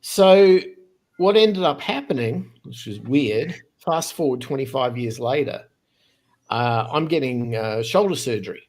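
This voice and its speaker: Here a fiftysomething man from Australia recounts something personal on a podcast where he's the guest. The delivery is quick, lively and casual, with phrases often begun again, in a mid-range voice.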